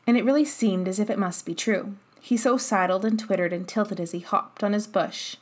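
A woman narrating a children's novel in calm, even storytelling. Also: medium pitch, moderate pace, hardly any pauses. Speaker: audiobook narrator. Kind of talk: scripted narration.

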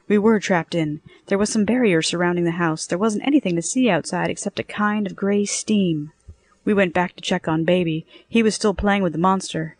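A woman narrating a first-person story in a lively, expressive way and acting out the dialogue as she goes. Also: medium pitch, dry recording.

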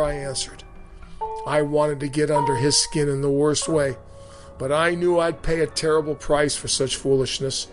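A man narrating his own memoir in a measured, vivid way. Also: fairly high pitch, level tone, music in the background. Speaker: storyteller recounting his own boot camp. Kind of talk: memoir reading.

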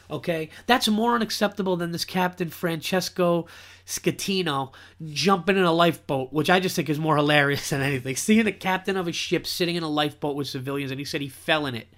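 A comedian hosting his own podcast, ranting with emphatic repetition. His voice sits fairly high for a man. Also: fairly bright tone. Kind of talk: casual comedy podcast chat.

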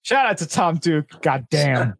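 A man's voice: fairly high pitch, sing-song, a little slow, vocal fry, husky, no room sound. Man joking around on a podcast. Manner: joking, riffs on bits. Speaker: podcast co-host. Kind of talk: casual chat.

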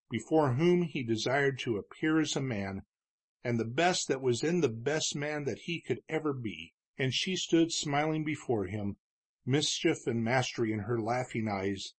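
A man narrating a book in a steady, measured reading voice. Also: mid-range voice. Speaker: audiobook narrator. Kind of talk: scripted narration of a western novel.

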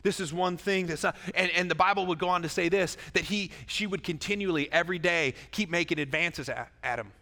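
A man preaching a sermon, his voice bright and a little high. He keeps it lively and joking, turning aside to the congregation. The church hall rings with a long reverb behind him. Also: brisk, hardly any pauses. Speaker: pastor.

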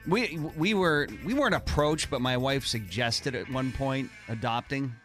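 A man's voice: mid-range voice, lively intonation, normal speed, fairly bright tone, soft background music. A man co-hosting a morning radio show, talking candidly and casually. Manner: candid, conversational. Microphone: studio microphone.

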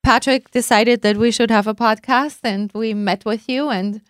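Casting: enthusiastic woman podcast host, a bit high-pitched, chatty, on a close, dry studio mic. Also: fairly even intonation, moderate pace, clean tone, no room sound. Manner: chatty, laughs often, enthusiastic. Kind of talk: casual podcast interview.

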